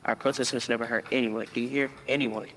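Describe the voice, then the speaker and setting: A principled father, played by a man talks quickly and persuasively. A long hall reverb and faint ambience sit behind him. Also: medium pitch, fairly even intonation, a bit bright, slight background noise, close to an everyday voice. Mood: earnest. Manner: earnest, persuasive. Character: principled Indian father, calm adult man.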